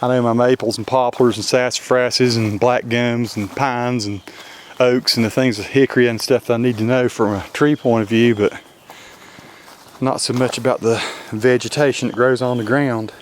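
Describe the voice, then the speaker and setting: Casting: man with a North Carolina mountain twang, relaxed folksy rambler, filmed on a handheld camera in the woods, faint outdoor hiss. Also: medium pitch, normal speed. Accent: western North Carolina mountain Southern. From Appalachian Highlands, North Carolina. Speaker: vlogger. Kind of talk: casual walking commentary. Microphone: handheld camera mic.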